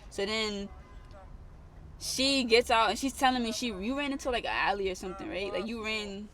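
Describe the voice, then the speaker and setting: A woman's voice: mid-range voice, moderate pace, fairly bright tone. A young woman telling a story in casual chat, rambling and repeating herself with many fillers.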